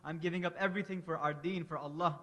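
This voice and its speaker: A man's voice: fairly high pitch, fairly even intonation, fast talker, bright, forceful tone. A man voicing a noble, grieving warrior in a mournful religious retelling. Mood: tender.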